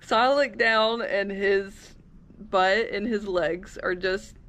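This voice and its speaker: A young woman casually telling her birth story as a vlogger, animated and acting out her own yells and quotes. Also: mid-range voice, takes it slowly.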